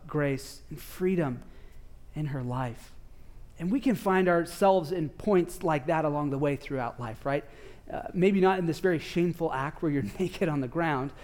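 A man in his thirties, a father and pastor, preaching a conversational sermon and telling family stories with asides to the congregation. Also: sits high. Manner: conversational, animated storytelling with asides to parents.

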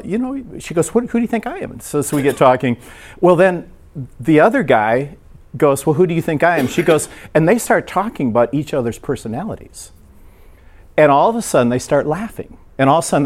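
A man giving a sermon, telling a story from his week in an easygoing, chatty way. He slips into the voices of the people he quotes and keeps the talk lively. His pitch sits in the middle range for a man. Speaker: preacher.

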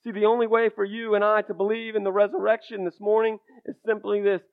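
High, gravelly preacher on thin audio. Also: male voice, level tone, quick pace. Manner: impassioned, builds from hushed to loud. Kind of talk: sermon. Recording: thin phone-like recording.

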